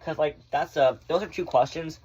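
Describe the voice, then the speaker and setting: A man chatting casually in a vlog, rambling through viewer questions and swearing freely, often in fast bursts. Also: on the high side, a little mellow, husky, highs cut off. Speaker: vlogger answering viewer questions. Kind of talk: casual chat.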